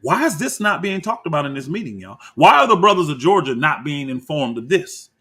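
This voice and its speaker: A brisk, slightly rough, somewhat high male voice belongs to a commentator reacting to clips. He's heated and combative, calling people out by name, and he animatedly addresses his viewers as y'all.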